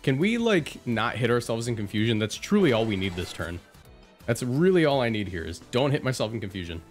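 A man giving jokey, excitable live commentary over his own gameplay, talking back at his opponents. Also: mid-range voice. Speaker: video game streamer.

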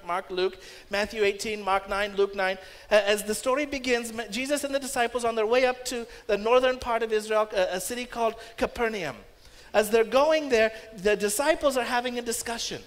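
A man's voice: high voice, a bit bright. A man preaching a sermon as pastor, emphatic and rising sharply when he voices commands. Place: church. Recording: long reverb of a church hall.

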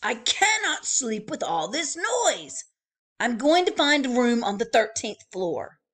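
A woman voicing a fussy, grumpy hotel guest from a storybook. He makes loud, indignant demands in a high, slow voice that swoops up and down. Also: sing-song, exaggerated voice.

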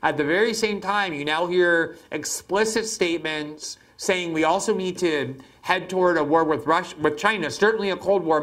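A man hosts a political interview, his voice sitting a little high for a man. He talks with a wry, incredulous edge and winds up slowly before each long question. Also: a bit bright. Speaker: host.

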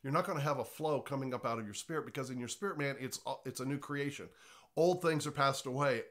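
A man's voice: mid-range voice, fast, a bit bright. Man teaching, slightly congested voice. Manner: conversational, earnest, often restarts words. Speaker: pastor teaching on worship. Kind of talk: informal teaching talk.

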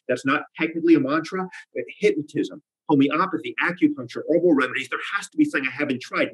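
A man's voice: a little high, fast, few pauses, rough recording. A man performing a theatrical comic monologue, with anxious, obsessive repetitions and wry asides. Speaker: solo performer.

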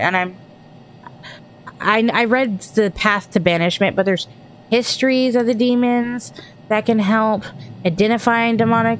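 A woman from Texas streams a horror game, talking through it as she plays, thinking out loud and startling easily. Her voice sits at a medium pitch, with a faint hiss or hum in the audio.

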